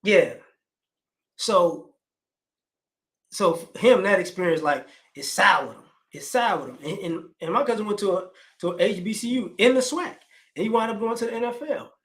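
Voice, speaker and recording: A man in his forties chats casually, with a voice pitched a bit above the usual male range. He rambles and doubles back, restarting his sentences and filling the gaps as he goes. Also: moderate pace, pauses often. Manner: rambling, with frequent restarts and fillers. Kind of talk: casual conversational commentary.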